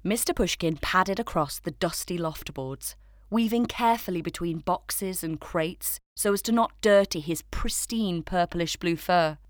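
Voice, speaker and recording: A woman narrating a children's story in a gentle, measured way. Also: on the low side, no echo, studio quality.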